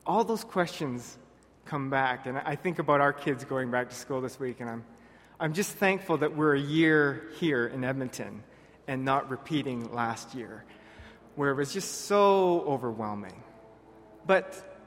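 A man preaching a sermon to his congregation, earnest and direct, often dropping soft on key words. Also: medium pitch, slight background noise. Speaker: pastor. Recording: long reverb of a large hall.

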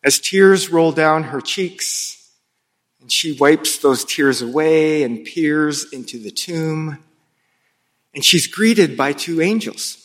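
A man preaching an Easter sermon as pastor of a church, telling the story slowly and dramatically with hushed pauses. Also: a little high, animated. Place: church sanctuary. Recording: long reverb of a large hall.

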